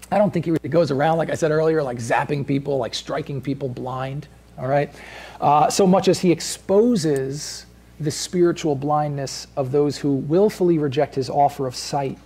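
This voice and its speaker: Pastor guy rambling thru a sermon in church, husky kinda mellow voice, lots of "right?" and restarts. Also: fairly high pitch. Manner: conversational, rambling with many restarts and asides; tags points with "right?" and "all right?".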